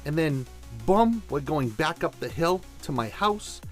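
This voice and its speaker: A man's voice: fairly high pitch, expressive, a little slow, soft background music. A man hosting a show, telling a story and giving tips in an enthusiastic, conversational way. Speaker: host. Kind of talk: casual storytelling and instruction.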